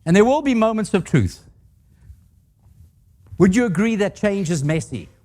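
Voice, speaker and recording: A man's voice: high voice, sing-song, normal speed, warm tone. An older man giving a leadership talk to a live audience, telling stories with humor and asking the audience questions. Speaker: guest speaker.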